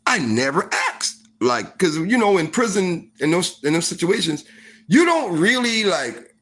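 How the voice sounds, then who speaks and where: An animated man spins a casual story straight to the camera, his pitch sitting a touch high and leaping all over the place. He talks loosely and profanely, leaning on "like" and "you know" as he goes. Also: a little slow. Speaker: storytime vlogger.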